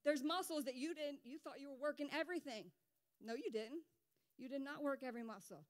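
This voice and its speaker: Woman pastor, sermon, fairly high voice, conversational, rhetorical questions, church service. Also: brisk. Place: church sanctuary.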